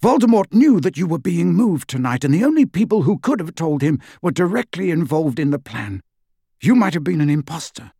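A man's voice: on the high side, sing-song, moderate pace, a little mellow, slightly rough, no room sound, clean studio sound, full character voice. A man voicing a stern, tense adult wizard who speaks tersely and sharply. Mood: urgent.

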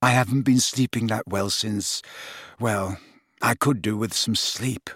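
A man reading an audiobook, voicing a weary, wry teenage girl in a soft, sighing tone. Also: fairly low pitch, fairly even intonation, a little slow, breathy edge, no room sound, studio quality. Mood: resigned.

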